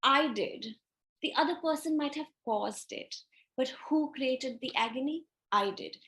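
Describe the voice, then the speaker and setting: Higher-voiced woman teaching with rhetorical questions. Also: a little slow, a bit bright. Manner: asks rhetorical questions and answers them herself; acts out everyday scenarios. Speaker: spiritual teacher. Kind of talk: reflective teaching talk.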